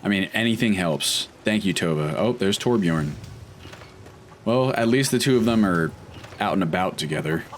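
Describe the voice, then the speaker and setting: A man's voice: low-pitched, expressive, normal speed, slight background noise. A man casually commenting while playing a video game, chatty and wry, thinking aloud as he goes. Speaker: let's play host.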